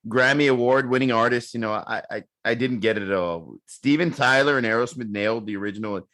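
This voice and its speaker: Male podcast co-host, mid pitch, lively and loose, curses, repeats himself. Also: brisk. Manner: animated, swears freely, repeats words. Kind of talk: casual chat.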